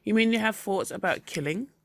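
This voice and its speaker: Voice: mid-range voice, no room sound, studio quality, voice pushed up, lightly acted. A reader voicing a psychiatrist asking patient, probing questions, in a storybook reading. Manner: questioning, measured.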